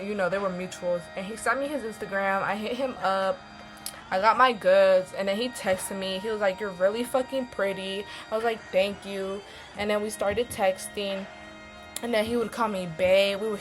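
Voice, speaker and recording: A young adult woman telling a casual storytime vlog, blunt and animated, swearing heavily and using a lot of slang. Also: medium pitch. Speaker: vlogger.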